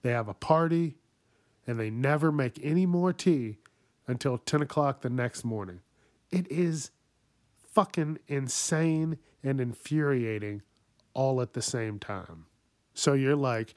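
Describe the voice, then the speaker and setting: A man hosts his own podcast and goes on a profane comedic rant, swearing constantly and laughing at his own jokes. He talks at an unhurried, drawn-out pace in a middle-pitched voice. The sound is dry and close. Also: a little mellow, no room sound. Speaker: podcast host.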